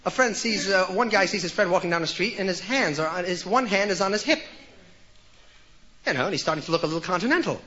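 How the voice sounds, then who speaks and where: A man telling jokes in an animated storytelling way, acting out the characters, on an old lo-fi comedy record. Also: high voice, fast. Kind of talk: joke telling.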